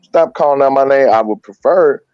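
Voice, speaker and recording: A man's voice: mid-range voice, normal speed, clear, resonant tone, no echo, dull audio. A man talking through a voice-changer filter, joking in mock-grandiose banter as a podcast co-host. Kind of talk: joking casual chat.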